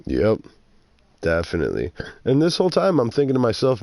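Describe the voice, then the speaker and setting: A man's voice: medium pitch, a little fast, pauses often, dry recording, studio quality. A man co-hosting a podcast, casually recapping a wrestling show, swearing and acting out quotes. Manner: animated, swears, acts out quotes. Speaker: podcast co-host. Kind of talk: casual wrestling review chat.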